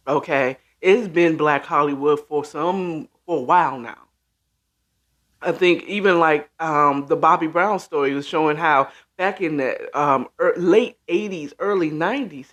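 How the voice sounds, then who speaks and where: A man's voice: on the high side, fairly bright tone. A middle-aged man from the Washington, D.C. area hosting a casual livestream chat, rambling and talking straight to his viewers with plenty of ums. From Washington, D.C. area (born in D.C., raised in Maryland). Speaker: host.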